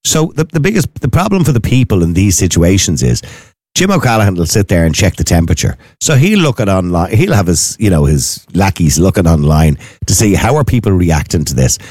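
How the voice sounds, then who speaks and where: A man's voice: deep voice, big pitch swings, fairly quick, darkish tone, no echo, clean studio sound. An Irish man hosting a radio show, asking questions in a casual chat. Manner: questioning, conversational. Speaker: radio host.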